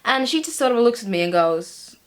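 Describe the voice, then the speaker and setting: A woman's voice: fairly high pitch, very animated, brisk. A young woman playing a chatty teenage girl tutor who recounts her week with wry amusement, with fillers along the way. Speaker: vlogger. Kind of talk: scripted vlog-style monologue.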